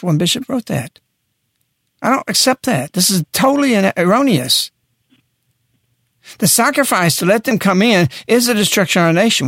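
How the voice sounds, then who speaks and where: A man's voice: high voice, gravelly, dry recording, studio quality. A man speaking on a radio talk show in an impassioned, preaching way, pressing his points hard. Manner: forceful, preaching, emphatic.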